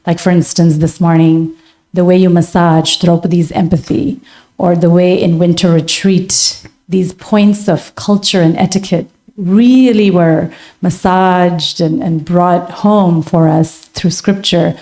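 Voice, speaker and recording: A woman's voice: fairly low pitch, steady tone, unhurried, warm tone. A woman in the audience asking a long, earnest question, rambling with many fillers.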